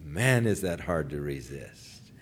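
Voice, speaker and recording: Older male preacher, sermon storyteller, slow delivery with a lively, swooping pitch. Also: a little hiss or hum. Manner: storytelling, acts out pleading voices.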